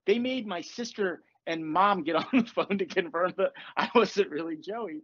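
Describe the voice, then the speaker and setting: A man's voice: high voice, normal speed, muffled recording. A man hosting a podcast, telling stories in casual chat, laughing often and acting out the voices of the people in his stories. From Virginia. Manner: animated, laughing, acts out quoted voices. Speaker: podcast host. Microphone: earphones on a call.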